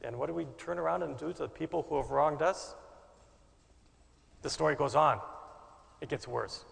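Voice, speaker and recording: Male preacher, strongly gravelly voice, dramatic swings in volume, recorded in a large echoing hall. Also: on the high side, moderate pace. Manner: dramatic, shifts between loud bursts and soft asides. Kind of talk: sermon.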